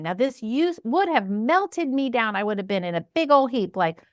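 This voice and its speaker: A woman's voice: mid-range voice, fairly quick, few pauses, dry recording, studio quality. A woman business coach telling stories and giving advice in a casual way, acting out her own thoughts and what others said. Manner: animated, acts out her own inner voice and quotes.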